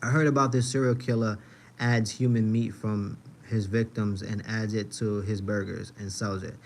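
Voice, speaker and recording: A man's voice: on the low side, level tone, normal speed, a little hiss or hum. A young man hosting a livestream, telling loose, profane stories and answering chat in a casual, slangy way. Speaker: livestream host.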